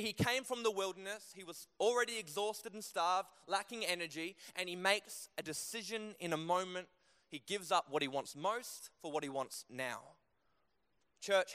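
A young man preaching a sermon in a church, telling stories in an animated way that climbs higher and louder as he gets going. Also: normal speed, clear, resonant tone. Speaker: pastor. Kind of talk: sermon with personal storytelling. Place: church hall. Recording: long hall reverb.

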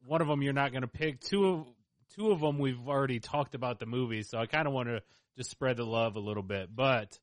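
A man's voice: medium pitch, brisk. A man co-hosting a casual podcast chat in an easygoing, slightly hesitant way.

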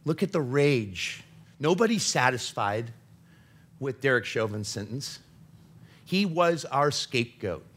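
A man's voice: mid-range voice, animated, unhurried. Earnest male Christian speaker. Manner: earnest, confessional, swings between urgent and hushed. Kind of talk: impassioned faith talk.

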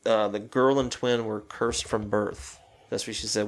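A man with a lowish, level-toned voice speaks unhurriedly as he co-hosts a relaxed film discussion. He walks through a horror movie scene by scene in a loose retelling, performing the characters' lines.

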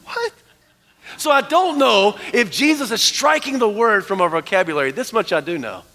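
A man preaching a sermon as pastor, animated, dropping to hushed tones for emphasis. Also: sits high, moderate pace. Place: church sanctuary. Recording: long church hall reverb.

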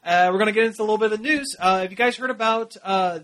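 A man's voice: high voice, racing, a bit bright. A man co-hosting a casual radio show, rambling with lots of fillers and restarts.

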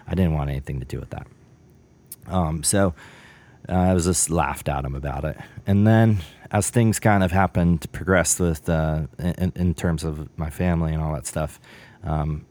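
A man's voice: very deep voice, darkish tone. A man brewer telling a story in a casual interview, rambling with many fillers and acting out bits of dialogue.

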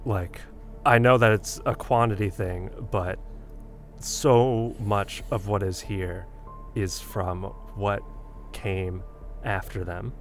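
A man voicing a numb young man in shock, talking flatly and quietly in halting bits. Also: on the low side. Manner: flat, quiet, halting delivery.

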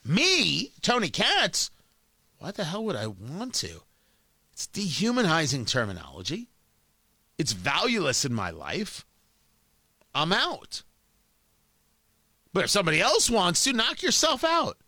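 A man with a high, bright voice delivers an emphatic talk-show monologue, his pitch swinging widely as he stresses points. He often stumbles and repeats words before pressing on. The sound is dry and close, with no room around it. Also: wildly swooping pitch, unhurried, pauses often, no room sound. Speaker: radio talk host. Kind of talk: opinionated monologue.

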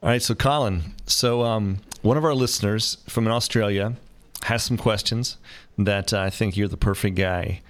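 Podcast host guy, low-ish voice, jokey, lots of ums and uhs. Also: normal speed. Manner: upbeat, joking, many fillers. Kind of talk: casual podcast hosting.

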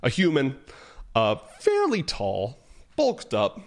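Game master, man, lively pitch, pauses and corrects himself mid-scene. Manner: descriptive, hesitant, self-correcting. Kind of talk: narrating a tabletop game.

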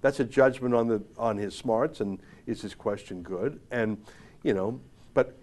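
A man's voice: lowish voice, measured pace, a little mellow. A man hosting a commentary show, giving opinionated political commentary in a sarcastic, emphatic, mocking way.

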